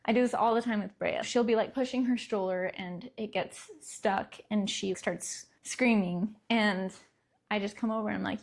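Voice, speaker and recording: A woman's voice: medium pitch, normal speed, vocal fry, darkish tone. A young adult woman hosting a parenting podcast, talking casually and laughing lightly between words. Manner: conversational, laughs lightly mid-sentence. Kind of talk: casual solo talk.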